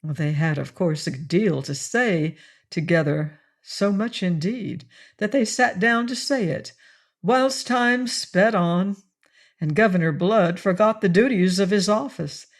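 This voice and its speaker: A woman's voice: fairly low pitch, measured pace. Woman narrating a classic novel. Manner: steady storytelling read-aloud. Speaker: audiobook narrator. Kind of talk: scripted narration.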